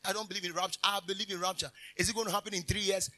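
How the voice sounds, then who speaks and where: A male minister, preaching in a high, lively register. His tone is bright and forceful, and he mixes teasing jokes with emphatic declarations and frequent hallelujahs. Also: very fast, poor audio. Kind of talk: conversational sermon. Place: convention hall.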